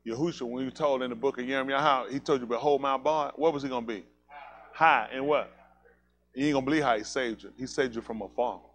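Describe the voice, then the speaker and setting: A male pastor delivering a fiery sermon at a rapid clip, his speech tumbling out quickly. He talks colloquially and emphatically, hammering home points with repeated calls to listen. He keeps throwing rhetorical questions at his congregation. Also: medium pitch, a bit bright.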